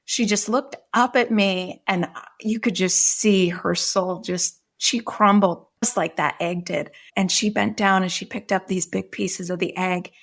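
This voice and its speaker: A woman's voice: mid-range voice, fairly even intonation, unhurried, vocal fry, few pauses, a bit bright. A middle-aged woman, a podcast guest, earnestly retelling a personal story in vivid detail.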